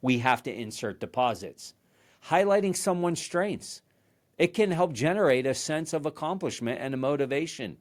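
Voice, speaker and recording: A man's voice: a little high, lively intonation, normal speed. A man hosting a podcast, giving a motivational leadership talk in an earnest storytelling manner, often restarting and repeating words. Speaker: podcast host.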